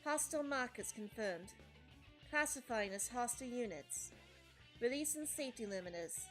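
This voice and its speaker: A woman doing a female combat android who reports everything in a flat, mechanical monotone with a put-on accent. The voice sits fairly high, with faint music underneath. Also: moderate pace. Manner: monotone report-style delivery. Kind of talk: fan voice-over of a game.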